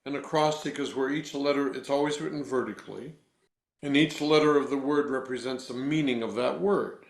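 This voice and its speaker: A man working as a voice coach, guiding a breathing exercise with slow, deliberate, instructive cues and then answering interview questions. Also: mid-range voice, gravelly, roomy sound.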